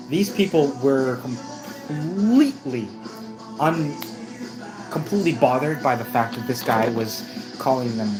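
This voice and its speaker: A man's voice: medium pitch, poor audio. Rambling man telling a story. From United States. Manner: rambling, self-correcting, with many restarts. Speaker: vlogger. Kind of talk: casual storytime vlog.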